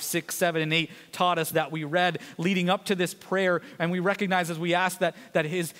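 A man pastor preaching a sermon in a fast, conversational way, with joking asides to the congregation. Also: on the high side, fairly bright tone, in a large hall.

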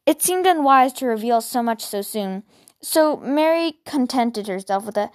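A woman hosting a podcast reads a novel aloud, then chats about it casually with fillers and restarts. Her voice is on the high side and expressive, at a moderate pace.

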